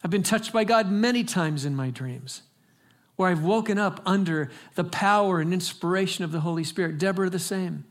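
High-voiced man preaching a sermon. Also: moderate pace. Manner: conversational storytelling building to emphatic exhortation. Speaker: pastor.

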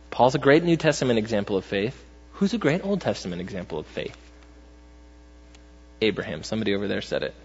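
Husky man preaching in an echoing hall. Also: a little high. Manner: conversational, animated storytelling with frequent "right?" and "like". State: tired. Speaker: pastor. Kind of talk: sermon. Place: large church hall. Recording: muffled, long hall reverb.

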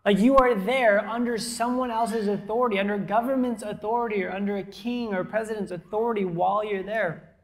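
A woman pastor preaching a sermon to a congregation in a church, conversational and emphatic, with soft, quiet asides. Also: medium pitch, steady tone, brisk. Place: church auditorium before a congregation.

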